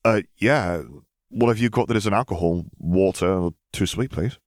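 A man's voice: deep voice, unhurried, dry recording. A man voicing Zev, a sassy, curious young man with a dry, teasing way of talking. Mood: wry.

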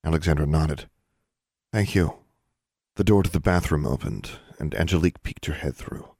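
A man calmly narrating an audiobook. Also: very deep voice, fairly quick, slightly rough, dry recording, clean studio sound. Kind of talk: scripted narration.

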